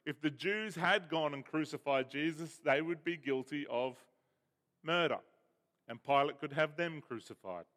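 A man's voice: on the high side, a little slow, a bit bright. A man preaching a sermon, explaining a Bible passage with emphasis and reading scripture aloud. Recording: hall reverb.

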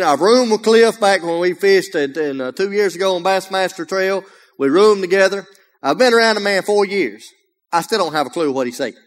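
A man with an Alabama Southern accent preaches a folksy, joking sermon, full of energy and often raising his voice. His voice sits fairly high. It rings with the long reverb of a church sanctuary. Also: fairly bright tone. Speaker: guest preacher.

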